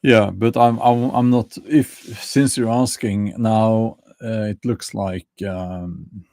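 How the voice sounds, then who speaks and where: A middle-aged man with a Norwegian accent chats slowly and hesitantly on his livestream, filling pauses with ums and dry chuckles. His low voice is gravelly and mellow, and it sounds close and dry, with no room echo. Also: fairly even intonation. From Norway. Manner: slow, hesitant, many fillers and dry laughs. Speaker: livestream host. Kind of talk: casual livestream chat.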